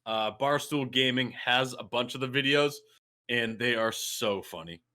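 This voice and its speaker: A man with a slight Boston accent co-hosts a gaming podcast in loose, animated chat. His voice is bright and forward, and he rambles and doubles back on his words as he goes. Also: medium pitch, a little slow. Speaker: podcast co-host. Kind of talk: casual chat.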